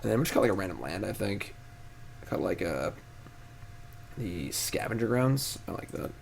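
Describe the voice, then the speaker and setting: Gravelly man thinking aloud. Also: on the low side, big pitch swings, moderate pace, a little hiss or hum. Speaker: streamer playing a card game. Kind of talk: casual live-stream commentary.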